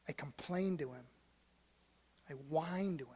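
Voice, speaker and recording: A male pastor telling a story in a sermon, moving from hushed, almost whispered lines to loud, animated ones. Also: a little high, measured pace, breathy edge. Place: church sanctuary. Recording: long church hall reverb.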